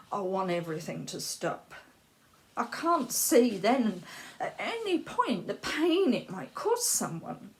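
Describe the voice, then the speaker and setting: A woman talks through a personal monologue at a very slow, unhurried pace. Her voice sits at an ordinary pitch and stays soft and halting. At times it sinks to a breathy, unvoiced whisper, and she often repeats words and phrases. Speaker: vlogger sharing personal experience.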